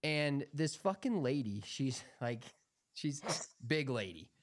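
A man's voice: mid-range voice, very animated, takes it slowly, dry recording. A young man co-hosting a podcast, telling rambling, profanity-laced stories in casual chat. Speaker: podcast co-host.

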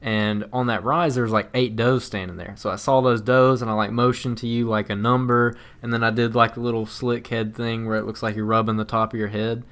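A man co-hosting a podcast, telling a hunting story in a plain, steady way with sudden excited bursts. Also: medium pitch, a little fast, few pauses. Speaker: podcast co-host.

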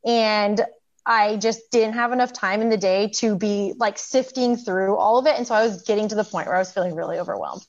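A woman's voice: mid-range voice, fairly quick, muffled recording. A woman in her thirties, a program graduate, telling her story casually with many fillers and frequent laughs. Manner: chatty, lots of fillers, laughs often.

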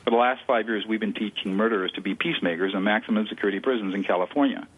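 A man with a low, husky voice explains his method eagerly, hammering points home by repeating himself. The sound comes through a thin, tinny phone line. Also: rapid-fire. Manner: emphatic, repeats words for stress. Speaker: guest expert on conflict de-escalation. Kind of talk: enthusiastic explaining in an interview.

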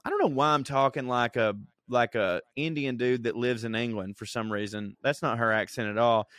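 A man's voice: medium pitch, normal speed, hardly any pauses, fairly bright tone, no echo, clean studio sound. A man co-hosting a casual podcast, swearing freely and laughing as he reads out quotes. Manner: crude, laughing storyteller reading quotes aloud. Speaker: podcast co-host.

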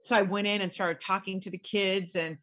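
A woman's voice: medium pitch, fairly even intonation, brisk, fairly bright tone, muffled recording. A middle-aged woman, a guest author, telling her story in a casual interview and animatedly acting out the voices she quotes.

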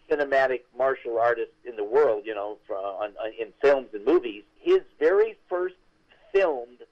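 An older man, a veteran actor, telling stories as an interview guest in a chatty, animated way with many restarts. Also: mid-range voice, highs cut off. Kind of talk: interview storytelling.

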